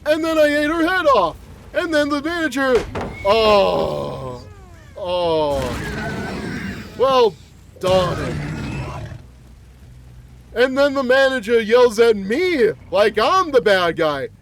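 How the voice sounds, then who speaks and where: A man's voice: very high voice, very animated, slow, creaky, pauses often, background noise, full character voice. A man voicing a cranky, rambling old man who is a mutated flower-headed monster, grumbling and groaning as he complains. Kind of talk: gameplay roleplay commentary.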